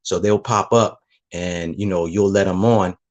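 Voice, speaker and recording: A man's voice: low voice, steady tone, a little slow, darkish tone. A man in his mid forties who joins a live stream as a guest and talks in a loose, slangy, emphatic way. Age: 40s. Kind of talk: casual live-stream chat.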